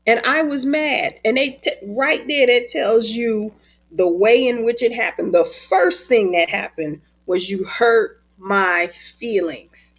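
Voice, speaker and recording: Animated, laughing woman storyteller, higher voice. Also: measured pace. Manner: animated, expressive storyteller who laughs often. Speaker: author and spiritual teacher. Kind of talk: casual conversation.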